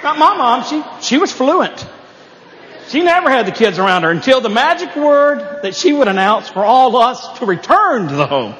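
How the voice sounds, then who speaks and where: A man's voice: very high-pitched, sing-song, normal speed, a bit bright. A man from Appalachia doing a stand-up comedy set, telling folksy stories with punchy asides. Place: live venue. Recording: echoey hall with audience.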